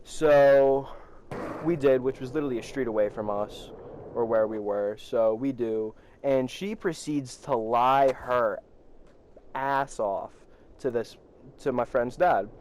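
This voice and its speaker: A man's voice: mid-range voice, takes it slowly, a little mellow, a little hiss or hum. Rambling teenage guy telling a story. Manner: rambling, profane, laughs while telling. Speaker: vlogger. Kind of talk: storytime vlog.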